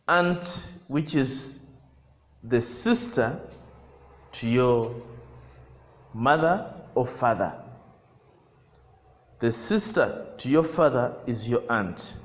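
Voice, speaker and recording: A man teaching a primary school English lesson, speaking deliberately and repeating words so pupils can hear how they sound. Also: mid-range voice, big-room sound. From Uganda.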